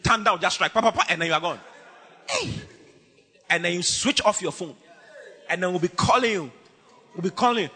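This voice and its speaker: A man preaching a lively, humorous sermon as pastor, teasing his congregation with bursts of shouting. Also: high-pitched, brisk, pauses often, husky, big-room sound.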